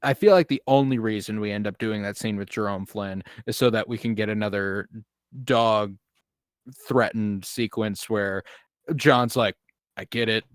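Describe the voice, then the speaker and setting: A man's voice: lowish voice, steady tone, moderate pace, clean tone, dry recording, clean studio sound. A man co-hosting a podcast, chatting casually and opinionatedly about a movie, swearing now and then with plenty of ums. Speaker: podcast co-host. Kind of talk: casual movie review chat.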